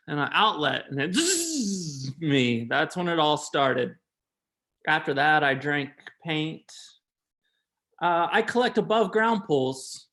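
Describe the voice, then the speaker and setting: A man doing absurd, deadpan stand-up from home over a video call, rambling with lots of fillers and restarts. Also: a little high. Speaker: stand-up comedian.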